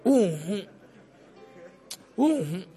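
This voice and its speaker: A man preaching a sermon as pastor, with pointed rhetorical questions and sudden loud outbursts. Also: sits high, sing-song, drawn-out words, faint music behind, some chatter behind.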